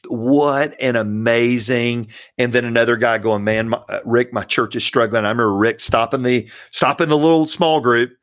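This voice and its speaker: A man's voice: medium pitch, fairly even intonation, moderate pace, few pauses, dry recording, studio quality. A man, a pastor, telling stories in an earnest, heartfelt way as a podcast guest. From Georgia, US. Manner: earnest storytelling, warm about mentors. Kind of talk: casual interview chat.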